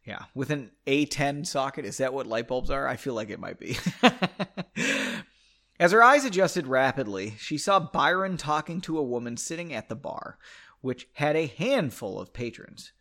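A man's voice: medium pitch, expressive, normal speed, pushed and bright. Man reading his book aloud with jokes. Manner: joking asides, self-corrections. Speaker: reader of his own book.

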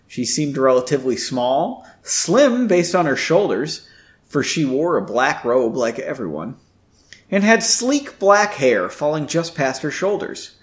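Man reading a story aloud, lively pitch, slightly high voice, wry asides. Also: unhurried. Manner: wry, self-interrupting commentary. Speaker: reader.

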